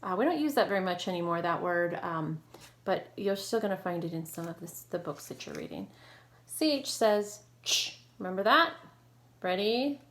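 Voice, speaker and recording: A woman teacher leading an online phonics lesson, modeling sounds clearly and slowly and praising her students. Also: on the low side, lively intonation, a bit bright. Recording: echoey room with faint noise.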